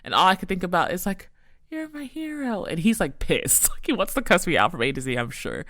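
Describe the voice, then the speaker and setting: A woman's voice: deep voice, big pitch swings, quick pace, fairly bright tone, no room sound, clean studio sound. A young woman hosting a podcast, telling a story in a casual, rambling way full of "like" fillers. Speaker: podcast host.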